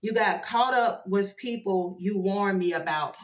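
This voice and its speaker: A woman doing a casual tarot card reading for her viewers, animated and chatty, with frequent exclamations. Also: medium pitch, measured pace. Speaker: tarot reader. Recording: echoey room.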